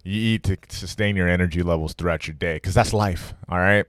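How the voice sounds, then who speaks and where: A middle-aged man hosting a podcast, giving casual fitness advice in a direct, energetic coaching tone. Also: sits low, a little fast, dry recording, studio quality. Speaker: podcast host.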